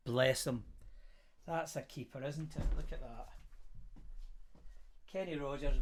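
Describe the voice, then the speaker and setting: Rambling man reading clippings aloud. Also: fairly high pitch. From Scotland. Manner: rambling, self-mocking, reads aloud with asides and chuckles. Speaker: musician reading old press clippings to viewers. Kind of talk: casual livestream chat.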